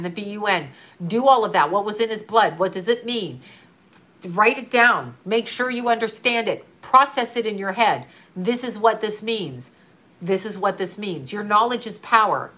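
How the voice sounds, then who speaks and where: Bright-voiced woman, earnest and urgent. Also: medium pitch. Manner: earnest, urgent, repetitive coaching with occasional swearing. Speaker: grieving mother giving advice to another mother. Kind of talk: emotional casual talk to a viewer.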